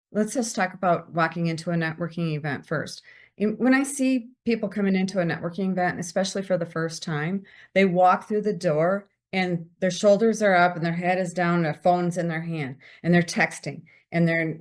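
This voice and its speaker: Woman, podcast guest, animated advice, acts out quoted chatter. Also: on the low side, normal speed. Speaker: guest, visibility strategist.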